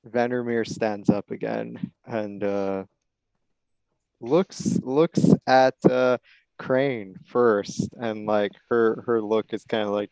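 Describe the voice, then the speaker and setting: A man playing a tabletop role-playing game, speaking in a deliberate, halting way. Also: fairly low pitch, fairly even intonation, vocal fry, a little mellow, clear, resonant tone, no room sound, poor audio. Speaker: player.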